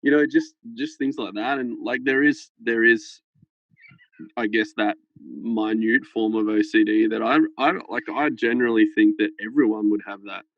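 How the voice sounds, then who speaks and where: A man's voice: lowish voice, fairly even intonation, normal speed, no echo, highs cut off. A man talking as a podcast guest, sharing a candid personal story in a hesitant way, with many restarts and fillers.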